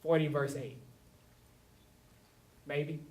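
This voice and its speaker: A male pastor preaches a sermon in a church sanctuary, speaking in a conversational way, with occasional laughter and acted-out quotes. His voice is fairly high and darkish, with flat, extremely slow delivery. The recording is echoey, from a distant mic.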